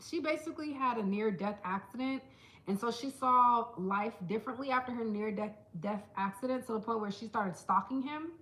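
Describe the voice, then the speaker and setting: A woman vlogging casually to camera, chatty and playful, calling her viewers "girl" and "child,". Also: fairly high pitch. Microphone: small handheld camera.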